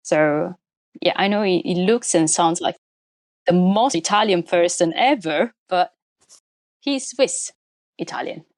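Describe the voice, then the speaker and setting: A woman speaking as an interview guest in casual conversation, animated and talkative. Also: lowish voice, a little slow, pauses often, no room sound. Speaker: guest, motorsport columnist.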